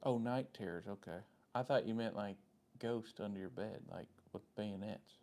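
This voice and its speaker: A man with a Southern US drawl hosts a loose live-stream chat, answering viewers' comments by name. His voice is low and mellow with a gravelly fry, and he rambles along in a friendly way. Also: normal speed. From Southern United States.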